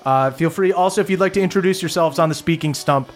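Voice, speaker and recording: A man's voice: fairly high pitch, fast. A man running a tabletop game as game master, narrating loosely and laughing often.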